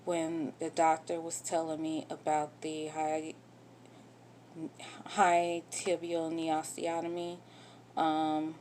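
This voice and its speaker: A woman's voice: low-pitched, monotone, slow pace, darkish tone, slight background noise. A woman candidly telling a personal story in a vlog, getting emotional and swearing when upset. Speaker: vlogger telling her own story.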